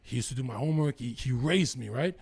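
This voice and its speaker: A young man from western Canada talks through a casual podcast chat in a gravelly voice. There is a husky, rough edge to his tone. He rambles from story to story and swears freely. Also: medium pitch, expressive, fast talker, darkish tone. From Lower Mainland, British Columbia, Canada.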